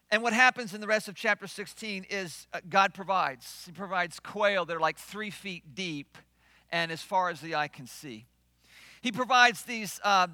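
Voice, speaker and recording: Delivering a sermon with no echo, this high-pitched male pastor alternates between booming proclamations and quiet asides. He also performs the voices of the people he quotes.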